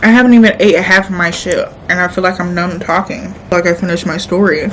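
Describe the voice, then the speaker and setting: A woman's voice: fairly low pitch, fairly even intonation, fairly quick, fairly bright tone, slight background noise, low-quality recording. A young woman vlogging casually, animatedly telling a story and often laughing while she eats.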